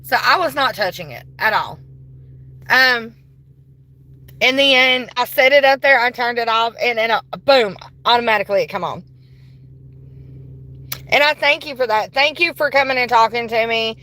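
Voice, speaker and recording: A woman livestreaming a ghost investigation from her car on a phone, politely addressing spirits and bursting into excitement. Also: fairly high pitch, moderate pace, pauses often, poor audio. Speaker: paranormal livestreamer. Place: inside a car.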